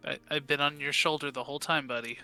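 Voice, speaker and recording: A man's voice: a little high, steady tone, fast talker, sharp tone, clear, resonant tone, faint music behind. A man playing a tabletop game, speaking hesitantly with small stammers. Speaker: player. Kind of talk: tabletop game role-play.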